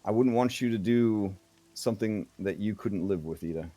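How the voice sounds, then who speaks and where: A man voicing a stern older male official who sighs and speaks in a measured, persuasive way. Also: on the low side, dark tone, lightly acted. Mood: grave.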